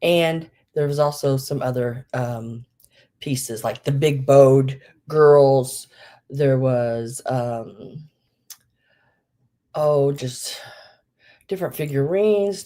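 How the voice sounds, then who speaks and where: A woman's voice: rumbling low, takes it slowly, warm tone. A woman hosting a live vintage sale, chatting casually and rambling with many ums, a bit out of breath. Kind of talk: casual live-stream chat.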